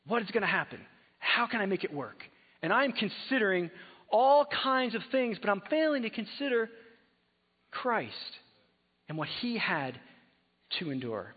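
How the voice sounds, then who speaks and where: Here a male pastor with a high, husky, sing-song voice preaches at a normal pace in a large church hall. His conversational sermon swings between soft, reflective moments and strong exhortation, recorded with phone-like audio and long hall reverb.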